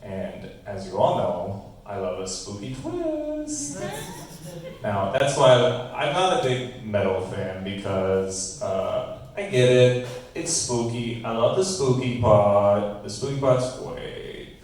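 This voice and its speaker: A comedian on a live comedy stage, playing a pompous, self-satisfied male TV auteur with a slow, deadpan manner. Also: fairly low pitch. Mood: smug. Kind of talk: live stand-up character bit. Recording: echoey club room, voice from far off the mic.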